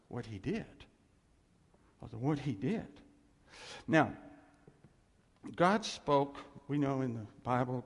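Male pastor, sermon, animated and playful; gravelly, husky, long hall reverb. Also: mid-range voice. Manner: animated, acts out quotes, laughs often. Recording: echoey hall.

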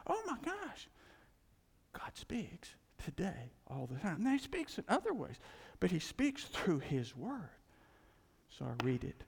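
A man preaching a casual, animated sermon, full of asides and acted-out dialogue. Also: sits high, husky. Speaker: pastor. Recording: church hall with long reverb.

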